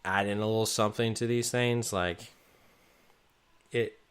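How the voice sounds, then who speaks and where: A man's voice: fairly low pitch, a bit bright, smooth. A man co-hosting a podcast, chatting casually about video games with frequent restarts and fillers. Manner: rambling, many restarts and fillers. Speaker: podcast co-host. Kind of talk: casual gaming chat.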